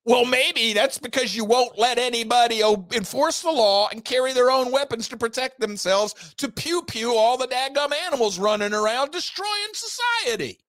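Angry sarcastic guy ranting on his podcast, high voice swinging up and down all over, dry close mic. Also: lively intonation, normal speed, hardly any pauses, a bit bright, dry recording. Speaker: podcast host. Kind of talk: heated political rant.

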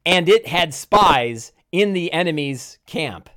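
Male podcast host, fairly high voice, animated storyteller, restarts sentences often. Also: slow pace. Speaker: podcast host and game master. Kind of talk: casual conversation.

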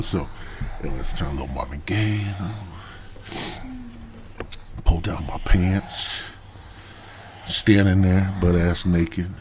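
A man's voice: low-pitched, slow, pauses often, darkish tone, a little hiss or hum. A man hosting a podcast, rambling through a crude, profane comic story in a stoned drawl. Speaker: podcast host.

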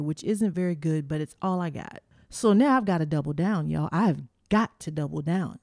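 A middle-aged woman hosting, telling a personal story in a lively, animated way and acting out the voices of the people in it. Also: on the low side, no room sound, clean studio sound. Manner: animated, acts out quotes, addresses listeners as y'all. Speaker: host.

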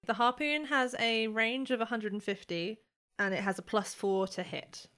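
A woman's voice: on the high side, steady tone, moderate pace, fairly bright tone, clean tone. A woman narrating as game master of a tabletop role-playing game, in a loose, chatty way full of fillers.

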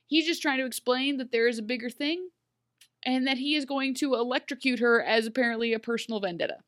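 A woman in easy conversation, breaking down a TV episode with a co-host. She talks in a lively, rambling way, full of fillers and quick asides. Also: on the high side. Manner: animated, lots of "like" and quick asides. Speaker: podcast co-host. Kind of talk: casual TV recap chat.

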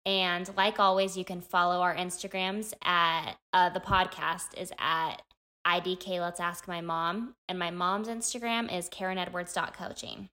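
A woman's voice: fairly low pitch, fairly even intonation, unhurried, bright, forceful tone. Young woman podcaster, chatty and agreeable. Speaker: podcast co-host. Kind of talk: casual podcast chat.

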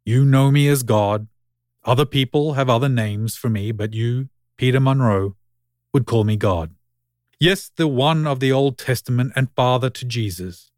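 A man's voice: medium pitch, normal speed, a little mellow, no echo, natural voice. A man voicing God speaking through an old vending machine, with a dry, impatient, lordly manner.

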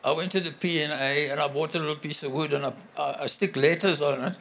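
Man, sermon, earnest, conversational, halting restarts, light pitch. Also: fairly even intonation, vocal fry, fairly bright tone. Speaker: guest preacher.

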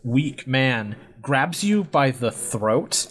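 A man's voice: medium pitch, sing-song, drawn-out words, a bit bright. A young man narrating a tabletop game as game master, casual and full of fillers.

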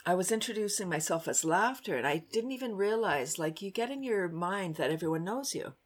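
A woman's voice: mid-range voice, lively intonation, brisk. A woman from Canada talking casually as an interview guest, chatty and laughing often. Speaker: guest, worm composting business owner.

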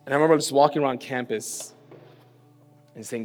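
A man's voice: medium pitch, a little fast. Guy from new york giving a chatty sermon, echoey hall, faint music. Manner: conversational, self-deprecating storytelling with frequent "right?". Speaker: preacher. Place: church hall. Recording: reverberant hall with soft music.

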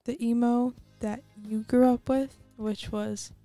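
A woman's voice: on the high side, fairly even intonation, takes it slowly, mellow, soft background music. A young woman co-hosting a podcast, giving blunt, opinionated takes in casual chat.

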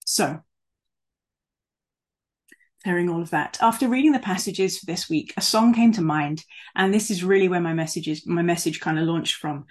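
A woman praying and then preaching over a video call, gentle and measured in prayer, casual in her asides. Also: fairly low pitch. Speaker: guest speaker.

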